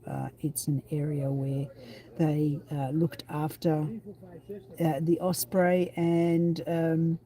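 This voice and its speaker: A woman's voice: low voice, flat delivery, warm tone. A woman co-hosting a live stream, speaking hesitantly with fillers. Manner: hesitant, halting speech with fillers. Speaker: paranormal channel co-host. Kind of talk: casual live-stream chat.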